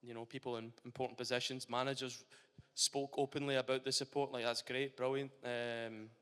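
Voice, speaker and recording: A man's voice: mid-range voice, a little fast, clean tone. A young Scottish man, a retired footballer, chatting animatedly in a casual interview at a live event. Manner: animated and chatty, with frequent restarts. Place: large hall at a live event. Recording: long hall reverb.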